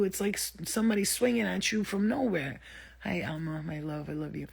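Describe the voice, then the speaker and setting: A woman's voice: fairly low pitch, brisk, creaky, husky. A woman hosting a spiritual livestream, talking bluntly and with lots of swearing, greeting viewers as she goes. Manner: blunt, profane and animated, greeting viewers mid-talk. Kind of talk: casual livestream talk to viewers.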